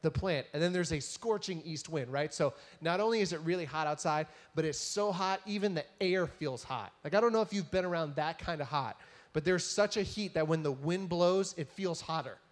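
A man's voice: fairly high pitch, moderate pace. A man giving a casual, joking sermon, retelling a story and often tagging his sentences with "right?".

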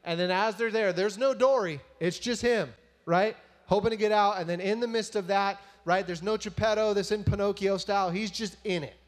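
High-voiced man preaching casually. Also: moderate pace. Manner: casual, joking retelling with frequent "right?" tags. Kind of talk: sermon.

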